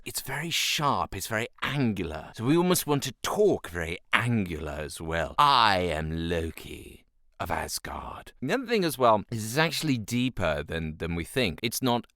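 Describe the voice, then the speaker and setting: Male voice actor teaching casually; lively, animated delivery, smooth tone, dry close sound. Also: lowish voice, dry recording. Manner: chatty, with playful voice demonstrations. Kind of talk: casual voice-acting tutorial.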